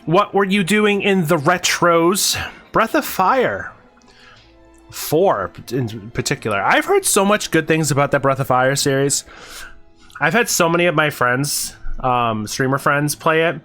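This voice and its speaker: A man's voice: on the high side, animated, a little slow, fairly bright tone, faint music behind. A man chatting casually on a live stream while playing a game, rambling with lots of fillers and some swearing. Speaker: variety streamer.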